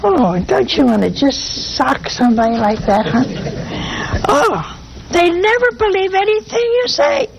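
A woman's voice: very high-pitched, lively intonation, a little slow, creaky, noisy background. A woman preaching a sermon in a folksy, humorous, conversational way.

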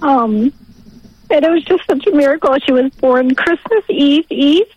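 A woman in her forties calling in by phone, emotional and halting, laughing through tears as she talks. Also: high voice, a little mellow, no echo. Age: 40s. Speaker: caller. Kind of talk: call-in testimony. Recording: dry lo-fi phone line.

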